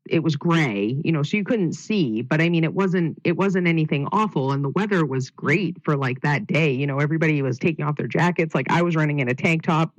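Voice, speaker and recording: A man's voice: fairly high pitch, a little fast, hardly any pauses, dry recording. A man telling a race story in a casual interview, rambling with lots of fillers. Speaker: guest runner. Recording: dull lo-fi sound.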